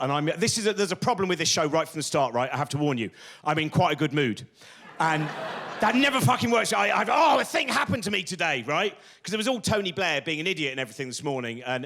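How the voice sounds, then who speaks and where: A man's voice: a little high, fairly bright tone. A man doing stand-up comedy on stage, ranting and swearing with exasperated energy.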